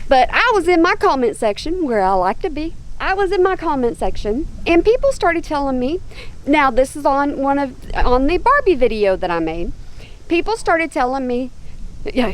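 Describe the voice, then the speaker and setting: A woman hosting a casual commentary channel, chatting to camera outdoors and drifting off to talk to her animals. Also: high-pitched. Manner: chatty, drawn-out, talks to her animals between points. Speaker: YouTube commentary host.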